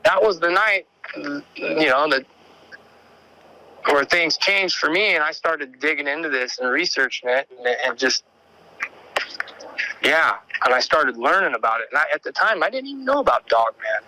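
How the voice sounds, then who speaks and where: A man's voice: a little high, lively intonation, moderate pace, long pauses, pushed and bright, slight background noise, low-quality recording. A man calling in to tell an encounter story, rambling and repeating words as he acts out what people said. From Oregon. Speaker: caller sharing an encounter story. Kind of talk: animated storytelling.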